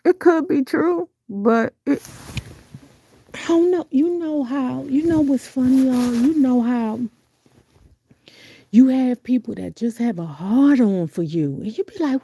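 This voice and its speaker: In a relaxed live stream, a middle-aged woman reads her viewers' chat and offers blunt, profane takes packed with rhetorical questions. Her husky, mellow voice moves at a measured pace, and her pitch leaps sharply whenever she exclaims.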